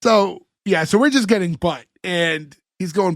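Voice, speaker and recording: A man hosting a podcast, recapping a sitcom episode in an animated way, acting out the characters' lines. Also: high-pitched, unhurried, no echo, studio quality. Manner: animated plot recapping with acted quotes. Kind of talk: casual chat.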